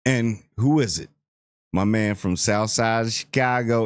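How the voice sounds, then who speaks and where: A man giving a casual, rambling spoiler review of a TV episode, joking and acting out characters in quick asides. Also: medium pitch, lively intonation, no echo, clean studio sound. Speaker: show reviewer.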